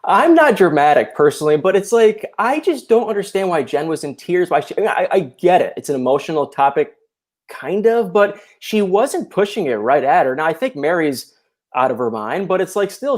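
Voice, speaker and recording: A man appearing as a guest on a video call, talking casually in an animated, opinionated way and often restarting his sentences. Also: on the high side, a little fast. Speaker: guest YouTuber. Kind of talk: casual chat.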